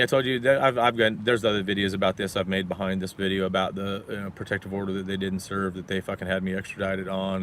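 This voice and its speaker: Gravelly low-voiced man ranting profanely. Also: fairly bright tone, slight background noise. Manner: profane, combative, rambling. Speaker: vlogger telling his story. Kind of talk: profane angry monologue.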